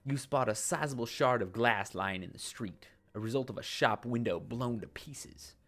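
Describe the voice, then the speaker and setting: Speaking at medium pitch and a moderate pace, this man has a slightly bright tone as he narrates a text adventure game in a put-on accent. He drops the drama now and then for casual remarks to his viewers while faint music plays behind him.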